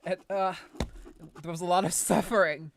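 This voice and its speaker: A woman's voice: on the low side, steady tone, moderate pace, a little hiss or hum. Rambling woman streamer. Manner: rambling, self-interrupting, laughs often. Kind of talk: casual gameplay commentary.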